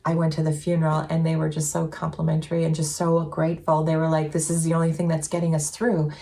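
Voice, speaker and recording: Woman co-host, casual storytelling, slightly low and gravelly, earnest and chatty. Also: monotone, quick pace. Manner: earnest, chatty, with many fillers and softly voiced quotes. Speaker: co-host sharing spiritual experiences.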